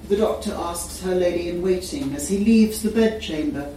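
A woman voice actor reading a short story aloud at a live event, deliberate and unhurried. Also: lowish voice, warm tone. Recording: echoey room, mic far off, faint noise.

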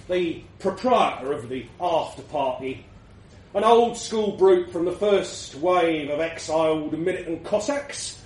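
Man, wry storyteller, high voice, roomy distant sound. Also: darkish tone. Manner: wry, crude, slow-paced storytelling. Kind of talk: storytelling narration. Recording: roomy, from the mic.

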